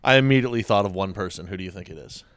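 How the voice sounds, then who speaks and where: A man's voice: low-pitched, animated, racing, fairly bright tone, dry recording. A man co-hosting a casual podcast, trading dry jokes and laughing at his own lines. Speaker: podcast co-host.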